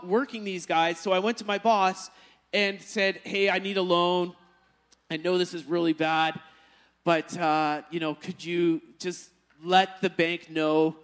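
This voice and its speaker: A male pastor preaching a sermon, telling a personal story and then building to emphatic exhortation. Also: a little high.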